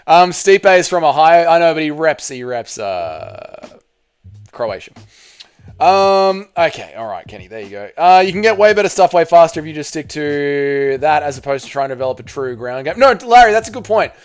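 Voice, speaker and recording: A man's voice: a little high, animated, normal speed, clean tone. An Australian man hosting a casual live stream, reading out chat messages, swearing freely and bantering with viewers. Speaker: livestream host reading chat.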